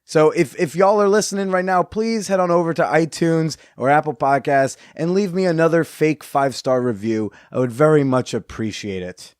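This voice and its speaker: A man's voice: fairly high pitch, normal speed, few pauses, a little mellow, clean tone, no room sound, clean studio sound. A man hosting a podcast, reading sponsor ads and joking in a rambling, sarcastic way. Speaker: podcast host. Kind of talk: casual podcast chat with ad reads.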